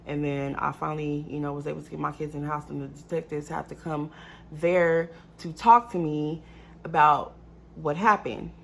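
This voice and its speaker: A young woman telling a casual storytime to her viewers, animated and talking straight to them as y'all. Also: low voice, moderate pace, gravelly, slight background noise. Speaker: vlogger.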